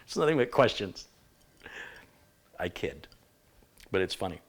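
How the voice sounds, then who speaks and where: Rambling lower-voiced male tech host. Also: big pitch swings, a little slow. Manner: thinks aloud, rambling with self-corrections. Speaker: computer repair host. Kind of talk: live-stream tech diagnosis and chat.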